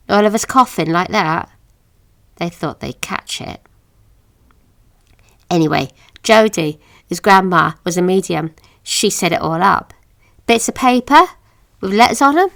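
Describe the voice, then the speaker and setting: An actress playing a haunted woman, recalling a childhood horror in a halting, hushed audio drama monologue that sinks to whispers. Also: medium pitch, creaky, no echo. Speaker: witness recounting an account.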